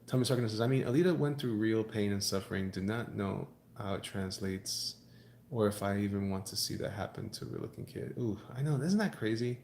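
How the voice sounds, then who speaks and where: Speaking fairly quickly in a low, darkish voice, a comic artist chats through his live drawing session, reading chat aloud and joking in a rambling way. The recording is reverberant, with slight background noise.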